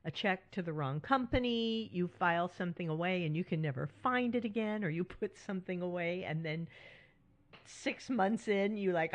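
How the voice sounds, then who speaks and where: A middle-aged woman hosts a solo podcast in a fairly low voice at normal speed. She is warm, frank and reassuring, frequently checking in with listeners by adding "right?".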